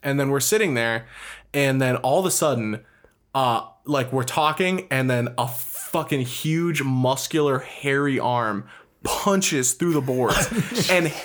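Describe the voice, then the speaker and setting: A man in casual chat, telling animated stories about his dreams and swearing a lot. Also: mid-range voice, takes it slowly. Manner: animated storytelling with heavy swearing.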